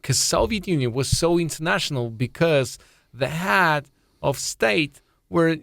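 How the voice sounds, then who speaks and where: A man from Russia with a Russian accent, a native Russian speaker, calmly telling jokes in halting English on a podcast. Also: fairly high pitch, vocal fry, dry recording, studio quality. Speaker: podcast co-host, comedian. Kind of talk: casual comedic chat.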